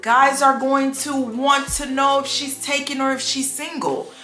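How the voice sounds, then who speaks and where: Animated woman telling stories, echoey room. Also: sits high, a little slow, soft background music. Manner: animated storytelling, acts out quoted voices. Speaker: vlogger. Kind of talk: casual chat.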